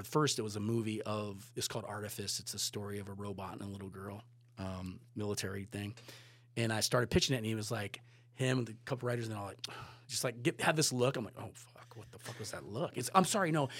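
A man, a photographer and director, telling stories in a casual podcast chat, animated and swearing freely. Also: lowish voice.

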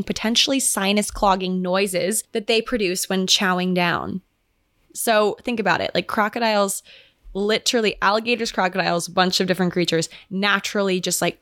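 A woman's voice: medium pitch, fairly bright tone, no echo. Young female podcast host, casual rambling chatter, dry close recording. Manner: chatty, rambling, many "like" fillers. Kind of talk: casual solo podcast chat. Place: home.

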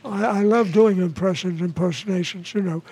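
A man's voice: high voice, a little mellow, breathy edge. A man, a veteran performer telling stories in an interview with frequent restarts and chuckles. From New York City. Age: 90s. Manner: halting, chuckling storyteller with many restarts. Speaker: guest, veteran actor-comedian. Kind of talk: casual anecdotes in an interview. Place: his home.

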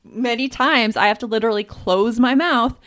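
A woman's voice: a little high, normal speed, fairly bright tone, no room sound, studio quality. A woman co-hosting a parenting podcast, chatting supportively with frequent affirmations. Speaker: podcast co-host. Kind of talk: casual parenting chat.

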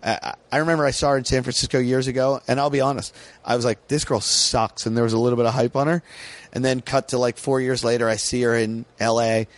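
A man's voice: mid-range voice, fairly even intonation, fast, no room sound. An American man, a comedian, telling stories in a casual podcast chat and swearing freely.

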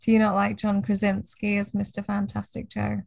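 A woman's voice: medium pitch, completely flat delivery, moderate pace, vocal fry, darkish tone. A woman co-hosting a casual podcast chat in a playful way, laughing easily as she talks. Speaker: podcast co-host.

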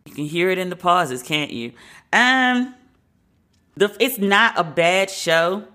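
Woman podcast host, bright tone, casual and candid, opinionated. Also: lowish voice, animated, slow. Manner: candid, opinionated, conversational with occasional profanity. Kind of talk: casual commentary.

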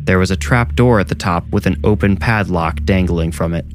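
A man with a low voice gives a scripted horror narration. His delivery is measured and suspenseful, with faint music underneath.

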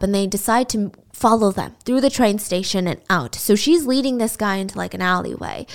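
A woman podcast host telling a story in a chatty, casual way. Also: a little high. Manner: chatty, laughs while telling.

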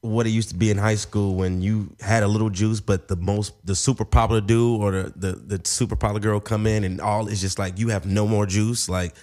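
A man's voice: on the low side, fairly even intonation, brisk, few pauses, darkish tone. A man from the Midwest co-hosting a radio show, joking and teasing in casual banter. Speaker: radio co-host.

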